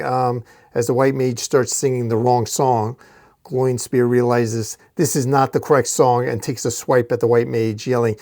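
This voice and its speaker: A man narrates a fantasy comic aloud in a casual, unpolished way, at a mid pitch. He talks the action through plainly and now and then uses fillers. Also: little pitch movement, moderate pace, mellow. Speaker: comic reader.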